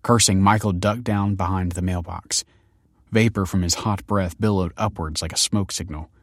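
Deep-voiced male audiobook narrator. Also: steady tone, moderate pace, dry recording, clean studio sound.

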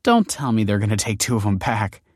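A man's voice: lowish voice, big pitch swings, brisk, darkish tone, slightly rough, no echo, studio quality. A man voicing a chatty, gushing new mother who coos and rambles. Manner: bubbly, cooing, chatty.

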